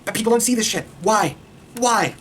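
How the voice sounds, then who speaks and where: Excitable, foul-mouthed man ranting. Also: sits high, a little hiss or hum. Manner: excitable, profane, rapid-fire ranting. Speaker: video reviewer. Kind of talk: casual rant.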